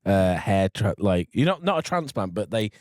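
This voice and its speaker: Guy on a podcast, lowish voice that swings all over, dry close sound. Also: normal speed, no room sound. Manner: rambling, animated, swears a lot, puts on voices. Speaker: podcast co-host. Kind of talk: casual chat.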